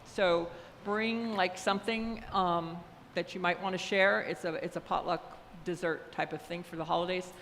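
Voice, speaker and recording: Older woman, church leader, chatty and rambling, mid pitch, reverberant hall. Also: fairly even intonation, normal speed, hardly any pauses, fairly bright tone, a little hiss or hum. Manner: chatty, rambling, many fillers. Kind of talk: casual church announcements. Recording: echoey hall, faint ambience.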